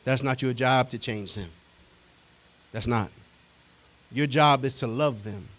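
A male preacher delivering a sermon in a folksy, conversational way, animated and full of repetition and rhetorical questions to the congregation. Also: medium pitch, takes it slowly, poor audio.

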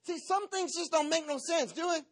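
A man's voice: very high-pitched, moderate pace. A man preaching a sermon, telling a playful, dramatic story and acting out the parts. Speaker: pastor.

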